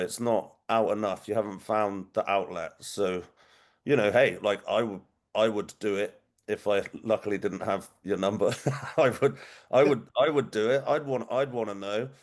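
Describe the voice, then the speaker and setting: A British man hosting a casual chat who often stumbles over restarts and laughs a lot. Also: lowish voice. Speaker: podcast host.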